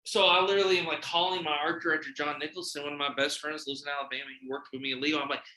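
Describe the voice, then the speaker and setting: A man hosting a casual podcast, telling animated, profane stories and acting out the quotes. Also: on the high side, racing, echoey room, rough recording. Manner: animated, profane storyteller who acts out quotes. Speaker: podcast host. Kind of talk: casual podcast chat, storytelling.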